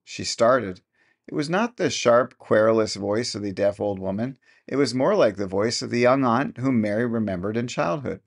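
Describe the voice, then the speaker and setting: A man narrating a classic short story in a measured storytelling delivery. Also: medium pitch, expressive, creaky. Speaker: audiobook narrator. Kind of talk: scripted narration.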